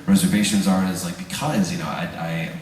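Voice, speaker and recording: A man, a voice actor, telling jokey, animated stories on a live convention panel and laughing often. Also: deep voice, quick pace. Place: large convention room with audience. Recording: echoey hall, audience noise, from far off.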